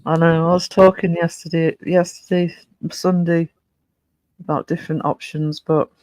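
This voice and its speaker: He's a chatty livestream host who reads out comments from viewers and welcomes them by name. His pitch is fairly high with little movement, his pace moderate, and his tone a little mellow, with no room sound.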